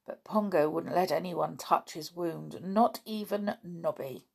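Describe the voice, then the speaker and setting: A woman reading a children's story aloud, gentle and expressive. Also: measured pace, gravelly, hardly any pauses, breathy edge. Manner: gentle, expressive, raises pitch for children's voices.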